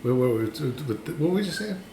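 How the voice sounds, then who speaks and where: A man's voice: fairly high pitch, expressive, normal speed, a crowd in the background. A man, co-hosting a casual sports podcast, emphatic and ranting, often restarting his sentences. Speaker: podcast co-host. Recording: echoey room with faint ambient noise.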